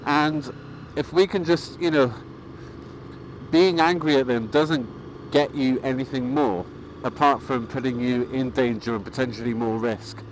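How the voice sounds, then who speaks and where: A man in a casual vlog, speaking calmly and at an easy ramble, full of fillers and self-corrections. His voice sits at an ordinary male pitch. A faint wash of outdoor traffic noise lies under the recording. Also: unhurried, poor audio. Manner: calm, rambling, with frequent fillers and restarts. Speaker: motorcycling vlogger.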